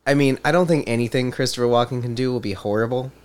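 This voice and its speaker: A man's voice: mid-range voice, fast talker, darkish tone, clear, resonant tone. A man co-hosting a podcast in casual chat, rambling and sarcastic, laughing often. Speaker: podcast co-host.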